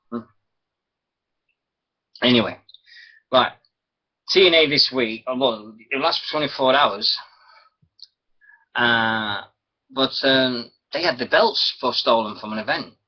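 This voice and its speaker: A man hosting a wrestling radio show alone, rambling, chuckling and losing his thread. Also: mid-range voice. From Britain. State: sore throat. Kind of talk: rambling solo internet radio chat. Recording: dull lo-fi stream audio.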